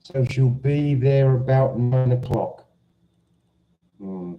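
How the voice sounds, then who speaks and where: A man's voice: medium pitch, slow pace, highs cut off, soft background music. A man with a Cockney accent chatting casually on a livestream, teasing viewers and confessing he gets confused. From London. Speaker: livestream host. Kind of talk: casual live chat reading viewer comments.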